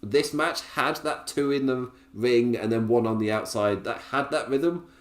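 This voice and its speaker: A man's voice: mid-range voice, moderate pace, reverberant. A man hosting a podcast, recapping in a chatty, casual way with frequent laughs. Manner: chatty, laughs often, restarts sentences. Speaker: podcast host.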